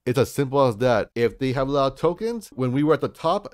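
A man's voice: medium pitch, big pitch swings, fairly quick, no room sound, clean studio sound. A man hosting a crypto channel, giving hyped market commentary in a salesy way and calling his viewers folks.

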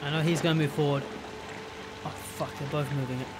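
A let's play gamer curses his way through a horror playthrough in live commentary, exasperated and profane, yelling at the game in bursts. His medium-pitched voice stays fairly flat and moves quickly, with loud music behind it.

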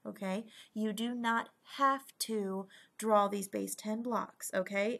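A woman teaching a recorded math lesson, patiently checking in with frequent "okay?" and slowing down to stress key terms. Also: medium pitch, fairly bright tone.

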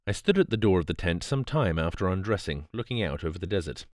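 Deep-voiced man reading a bedtime audiobook. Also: animated, fast talker, no room sound, clean studio sound. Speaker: audiobook narrator. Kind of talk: scripted bedtime audiobook narration.

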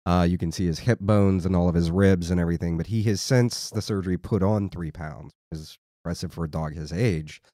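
A man hosting a podcast, chatting in a relaxed, rambling, joking way. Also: deep voice, a little fast, few pauses, no room sound, clean studio sound. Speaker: podcast host. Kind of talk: casual chat.

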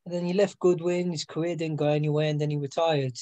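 A man's voice: fairly high pitch, flat delivery, quick pace, dark tone. A man guesting on a casual boxing chat, telling frank stories and acting out quotes. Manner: storytelling, acts out quotes, frank.

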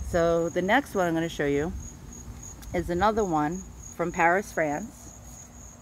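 Speaking in a lowish register, a middle-aged woman from Queens, New York, shows off antiques in a casual show-and-tell and sometimes fumbles names. There's a little hiss or hum in the recording.

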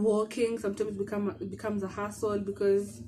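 A woman's voice: mid-range voice, level tone, normal speed, few pauses, dark tone. A woman with a Kenyan accent vlogging casually to camera from her bedroom, short of breath, chatty, often laughing and dropping Swahili words into her talk. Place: bedroom at home.

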